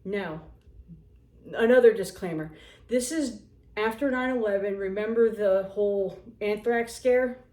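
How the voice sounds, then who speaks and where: Woman in her forties, casual storyteller, sarcastic and animated, middle pitch, roomy echo. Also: unhurried. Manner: animated, sarcastic, acts out quotes. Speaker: vlogger.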